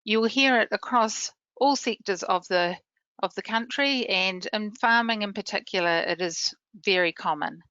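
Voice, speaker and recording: A middle-aged woman with a New Zealand accent presenting a scripted training webinar, explaining terms clearly with many examples. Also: medium pitch, moderate pace, pushed and bright, no room sound, dull audio. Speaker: literacy manager presenting a webinar.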